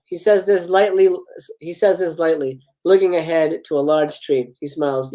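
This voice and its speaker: A man's voice: fairly high pitch, steady tone, moderate pace, mellow, low-quality recording. A man hosting a live stream, reading screenplay stage directions aloud with chuckling asides and occasional stumbles. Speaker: host reading film scripts. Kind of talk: live script read-aloud.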